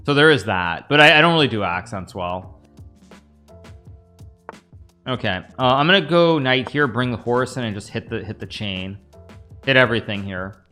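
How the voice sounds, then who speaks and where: A man's voice: mid-range voice, lively intonation, moderate pace, long pauses, bright, forceful tone, soft background music. A man in his thirties from the United States, live-streaming chess with rambling chatty commentary to his viewers. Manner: chatty, rambling, talks to chat while playing.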